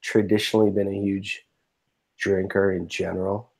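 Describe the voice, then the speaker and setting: A man's voice: low voice, level tone, moderate pace, vocal fry, darkish tone. A man hosting a podcast, chatting casually and rambling with many fillers. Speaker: podcast host. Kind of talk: casual chat.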